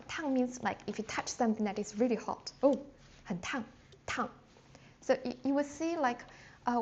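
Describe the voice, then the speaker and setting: Over dull, lo-fi stream audio with faint noise in the background, a woman teaching Mandarin as a native speaker leads a live beginner class online. Her mid-range voice is a little mellow; she chats loosely, using many fillers and restarting herself, and slowly sounds out words with exaggerated tones.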